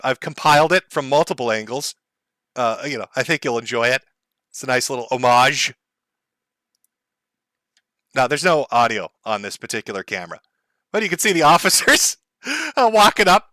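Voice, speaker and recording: A man's voice: medium pitch, bright, forceful tone, no room sound. A man hosting a live stream, giving mocking, profane commentary and laughing often. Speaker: livestream host.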